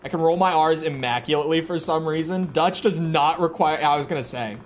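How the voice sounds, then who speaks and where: A man's voice: on the high side, brisk. Man, young, American accent, casual stream chat, repeats words, noisy background. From United States. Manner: rambling, repeats words when starting sentences. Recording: clear background noise.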